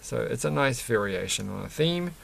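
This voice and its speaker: A man's voice: mid-range voice, lively intonation, moderate pace, creaky, husky. A man chatting casually and rambling while he builds a toy set, chuckling often and breaking off mid-sentence. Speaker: vlogger building Lego sets.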